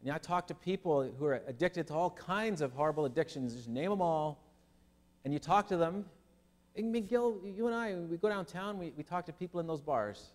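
A man preaching a sermon as pastor, animated and lively, with humorous asides to his listeners. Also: a little high, brisk. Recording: long hall reverb.

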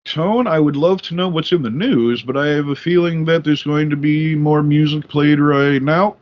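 A man's voice: a little high, moderate pace. A man co-hosting a comedy podcast and telling stories in a profane, laid-back, rambling way. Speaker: podcast co-host. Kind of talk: casual comedic storytelling. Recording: dull lo-fi audio, faint music.

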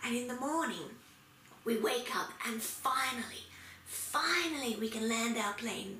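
Aussie lady showing a preschool game, high lively voice, bright, echoey room. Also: a little slow. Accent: Australian. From Australia. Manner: animated and playful, acting out for children. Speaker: early childhood language teacher. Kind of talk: demonstrating a preschool activity. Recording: echoey room with faint noise.

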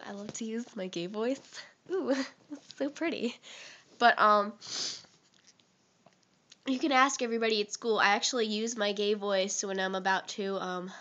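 A teenage girl who is sick and sounds rough, gushing and giggling in a rambling fan vlog recorded on her phone while sitting on a couch at home. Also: on the high side, fairly bright tone, muffled recording. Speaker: vlogger. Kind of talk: casual fan vlog to camera. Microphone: phone held close.

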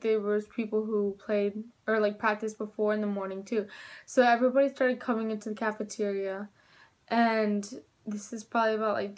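A teenage girl vlogger telling a storytime in a chatty, excitable way, full of "like". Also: medium pitch. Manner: chatty, filler-heavy with "like", excitable. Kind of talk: storytime vlog.

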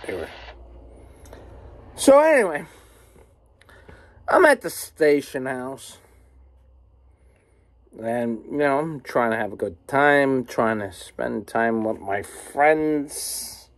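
Slow-talking, swearing woman ranting. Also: extremely low pitch, sing-song, rough recording. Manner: rambling, swearing, exasperated. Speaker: vlogger. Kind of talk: casual profane rant to camera.

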